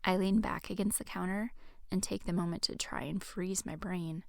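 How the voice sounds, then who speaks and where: A woman reading her own romance novel aloud in a soft, hushed first-person narration. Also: lowish voice, fairly even intonation, moderate pace, gravelly, no echo, clean studio sound. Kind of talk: audiobook narration.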